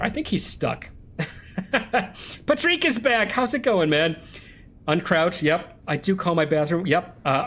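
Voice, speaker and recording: A young man from the States chats loosely with his live-stream audience while playing, his voice sitting somewhat high. He rambles from one story to the next and laughs at himself along the way. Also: fairly bright tone. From United States. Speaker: game streamer. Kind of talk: casual live-stream chat while gaming. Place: home streaming room with a green screen.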